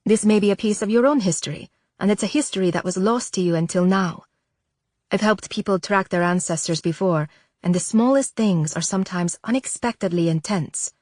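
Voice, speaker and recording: A patient, reassuring woman guide speaks calmly and gently persuades, as a woman narrator voices her. Her voice sits at an ordinary middle pitch. The audiobook recording is dry and close, with no room sound. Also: fairly quick, no room sound, close to an everyday voice.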